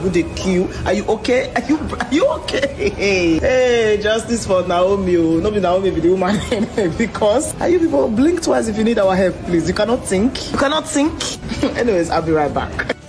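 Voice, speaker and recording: A Nigerian woman teases her listeners in giggly, sing-song commentary, sprinkling in Pidgin. Her pitch leaps around lively, and music plays clearly under her voice. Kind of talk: laughing social media commentary.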